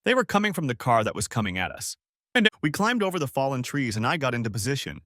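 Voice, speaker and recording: A man reading a first-person story aloud in a dramatic, expressive way. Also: mid-range voice, fast talker, dry recording, clean studio sound. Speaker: story narrator.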